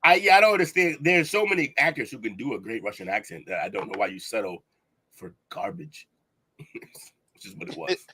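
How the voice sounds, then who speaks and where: A man co-hosting a casual podcast who talks in an opinionated, animated way, with laughing asides. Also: mid-range voice, fairly quick, gravelly, slightly rough. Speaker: podcast co-host.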